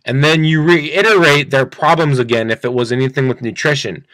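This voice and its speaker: A man teaching a sales pitch in an upbeat, repetitive way, acting out both sides of a phone call. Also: fairly quick, few pauses, fairly bright tone, dry recording. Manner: upbeat, repeats phrases, acts out phone dialogue. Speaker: sales coach. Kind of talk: screen-share training talk.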